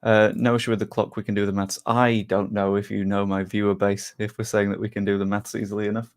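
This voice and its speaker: A young man with a lowish voice and flat delivery chats at a quick pace with his live-stream viewers ahead of a football match. He reads the chat aloud and makes jokes at his own expense.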